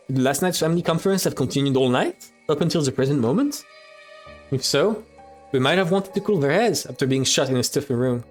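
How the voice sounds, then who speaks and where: A man reads a visual novel aloud on stream, his fairly high voice bouncing up and down with lively pitch. He keeps stopping the narration to chat and swear casually. Faint music plays under him. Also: a little fast.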